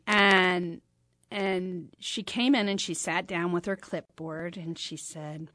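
A woman's voice: on the low side, takes it slowly, dry recording, clean studio sound. A middle-aged woman hosting a talk show, telling a personal story and acting out the dialogue. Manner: animated, acts out quoted dialogue. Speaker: host.

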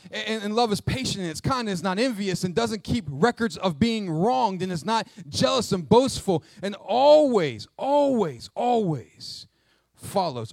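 A middle-aged male pastor with a high voice preaches a sermon, recorded with no echo. His style is lively and conversational, with jokes and asides woven into the teaching.

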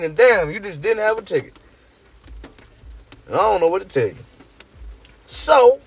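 A slightly higher-voiced man speaking. He rambles through a work story in a loose, profane monologue, jumping from loud bursts to low mutters. Faint traffic and car noise sit behind him outdoors. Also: sing-song, measured pace, long pauses, slightly rough. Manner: loose, profane storytelling with big swings in energy. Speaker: podcast host. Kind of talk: casual monologue to listeners. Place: outdoors in the rain near a parked car.

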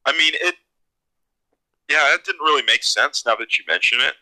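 A man's voice: medium pitch, normal speed, low-quality recording. A man co-hosting a casual podcast chat, joking dryly. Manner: dry, jokey, lively. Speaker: podcast co-host.

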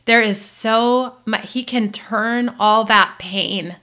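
A woman's voice: on the high side, steady tone, slow pace, pushed and bright. A woman co-hosting a faith podcast, talking casually and earnestly with lots of filler words. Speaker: podcast co-host.

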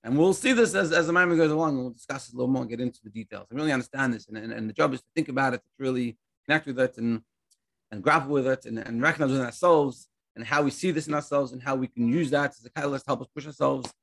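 A man's voice: medium pitch, rapid-fire, gravelly. A man teaching a Torah class in a casual, chatty way, acting out stories with frequent restarts and repeated words. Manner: animated storytelling with many restarts.

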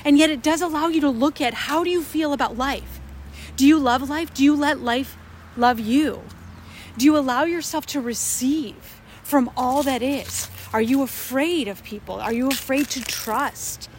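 A woman co-hosts a spiritual discussion in an earnest, emphatic way, often repeating phrases to drive a point home. Her voice sits somewhat high. Faint background noise runs under the recording. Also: moderate pace. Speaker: co-host.

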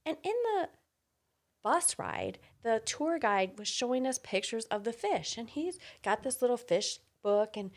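A middle-aged woman in casual chat, telling a story in a lively way and laughing often. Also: medium pitch, a little slow.

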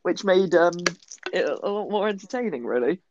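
A man's voice: sits high, lively intonation, normal speed, a little mellow, dry recording. Young man, chatty co-host. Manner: chatty, chuckling, swearing. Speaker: podcast co-host. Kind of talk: casual storytelling chat. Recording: dull lo-fi dry sound.

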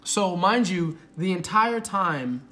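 High-voiced young man telling a story. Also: slow pace. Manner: animated, profane slang-heavy storytelling with frequent laughs. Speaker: podcast host. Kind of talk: casual storytelling chat.

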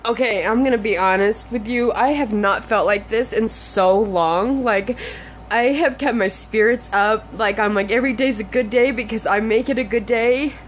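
A woman's voice: a little high, moderate pace, slight background noise. Upset, rambling young woman venting. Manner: rambling and profane, with restarts. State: upset, near tears at times. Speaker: podcast host. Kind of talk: casual venting monologue.

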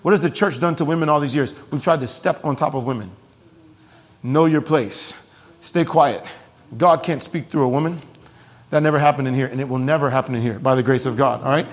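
Animated preacher man, echoing church hall. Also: medium pitch, brisk. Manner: animated, repeats phrases for emphasis, jokes with congregation. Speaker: pastor. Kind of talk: sermon. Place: church sanctuary. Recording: long hall reverb.

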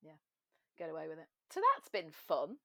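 A woman's voice: sits low, normal speed, creaky, pushed and bright, no echo. An English woman chatting animatedly as a podcast guest, telling stories and slipping into little voices. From England. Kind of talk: casual chat.

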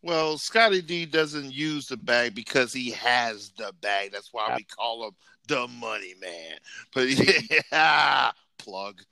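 Bright lively guy on a sports podcast, laughs a lot, plugs his handles, dry close sound. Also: mid-range voice, takes it slowly, gravelly, no room sound. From United States. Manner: laughing, self-promoting, spells out handles. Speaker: podcast co-host. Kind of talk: casual podcast chat.

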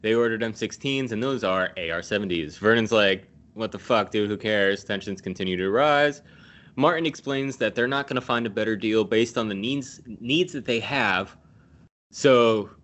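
A man's voice: lowish voice, a bit bright. A man casually recapping a movie scene by scene, swearing freely and laughing at his own jokes. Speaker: podcast host recapping a film.

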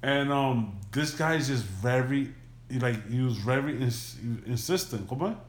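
A man's voice: mid-range voice, a little slow. A man casually telling a long story on a podcast, loose and profane, acting out the people in it. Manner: loose, profane, animated retelling. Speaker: podcast host. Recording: echoey room.

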